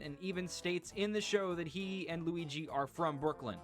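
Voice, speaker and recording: A man's voice: fairly high pitch, normal speed, hardly any pauses, faint music behind. A man narrating a casual video essay in a chatty, wry way, full of "like" fillers, recorded on a home voice-over mic.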